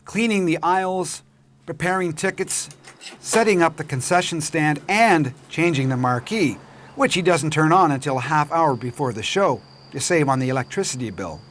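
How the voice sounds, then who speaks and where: A man narrating a local television documentary in a measured, clear storytelling voice. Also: on the high side, animated, a bit bright, slight background noise. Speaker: program narrator and host.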